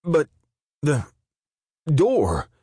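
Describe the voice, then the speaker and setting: A man's voice: a little high, huge pitch swings, drawn-out words, dark tone, breathy edge, no room sound, clean studio sound, voice pushed up, exaggerated voice. A man voicing a terrified middle-aged male prison guard captain, wailing and pleading for his life. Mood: panicked.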